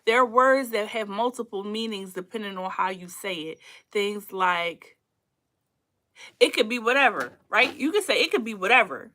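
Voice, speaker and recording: A woman hosting a casual teaching livestream on relationships, animated and preachy, laughing often. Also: medium pitch, moderate pace. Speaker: host of a relationship talk show.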